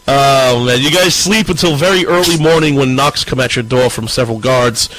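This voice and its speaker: Halting male dungeon master. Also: mid-range voice, a bit bright, dry recording, poor audio. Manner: halting, repeats words, laughs often. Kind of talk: narrating a tabletop game.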